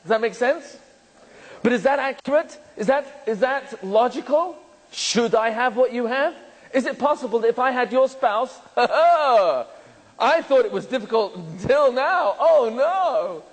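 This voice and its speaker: A rabbi giving a lecture to an audience, asking them many questions and joking with the room. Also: male voice, very high-pitched, expressive, measured pace, long reverb tail, poor audio. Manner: jokes and laughs with the room.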